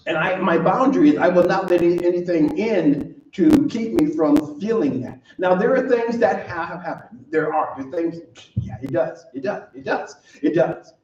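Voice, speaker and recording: A man delivers a sermon in a slightly high voice, earnest and quick to laugh, doubling back on his phrases for emphasis. He sounds far from the mic, with a roomy echo and a somewhat dull tone. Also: a little mellow. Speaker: minister. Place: church sanctuary.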